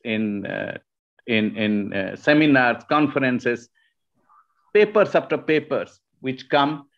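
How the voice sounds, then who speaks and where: A man's voice: medium pitch, fairly bright tone. Hesitant male lecturer, muffled webinar audio. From Shillong, Northeast India. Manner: hesitant, frequent restarts and fillers. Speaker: webinar speaker. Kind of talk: academic lecture.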